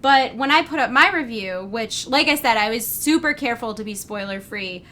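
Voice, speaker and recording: A young woman co-hosting a casual livestream chat, telling a story in an animated rush with lots of fillers, restless and over-caffeinated. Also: on the high side, moderate pace. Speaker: co-host.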